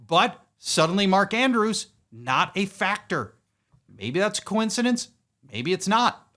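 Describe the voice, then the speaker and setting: Guy hosting a sports podcast, bouncy pitch, bright voice, punchy and playful with the numbers. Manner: emphatic, playful delivery of stats. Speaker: podcast host. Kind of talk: fantasy sports podcast chat.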